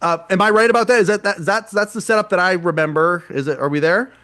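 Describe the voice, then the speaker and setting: Guy on a podcast going on and on about a show he saw, kinda high-pitched, lots of repeated words. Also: fast talker. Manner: rambling, repeats words, animated retelling. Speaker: podcast co-host. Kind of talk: casual chat, retelling a live show.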